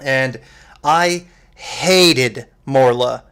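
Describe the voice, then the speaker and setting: Give me an excitable man co-hosting a podcast, mid-pitched and quick to laugh. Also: clear, resonant tone. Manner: animated, laughs often, bursts of fast excited talk. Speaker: podcast co-host. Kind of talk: casual movie discussion.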